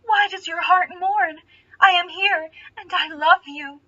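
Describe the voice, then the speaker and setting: A woman's voice: unhurried, pushed and bright, lo-fi sound, full character voice. A woman voicing a sweet, sly young female elf maiden with a sugary, coy manner. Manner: sugary, coy, high and airy.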